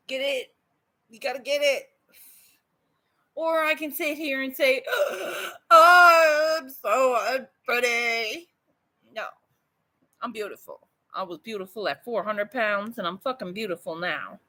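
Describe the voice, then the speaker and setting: A woman's voice: a little high, animated, unhurried, pauses often, a bit bright. A woman from Newfoundland with a Newfoundland accent, chatting casually and bluntly with her viewers, swearing freely and laughing often. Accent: Newfoundland English. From Newfoundland, Canada. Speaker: artist vlogger. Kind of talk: casual live chat to viewers.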